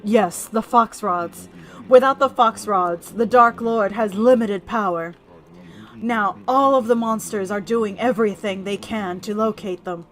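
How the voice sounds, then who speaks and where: A woman voicing a dying dragon king in a video game, speaking slowly in a grave, formal way. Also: medium pitch, soft background music, close to an everyday voice. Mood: solemn.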